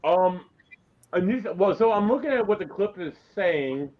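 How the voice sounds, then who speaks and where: A man with a somewhat high voice rambles through a casual group chat, drifting off topic as he talks. His sound is dull and lo-fi. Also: expressive, a little slow. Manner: rambling, digressive.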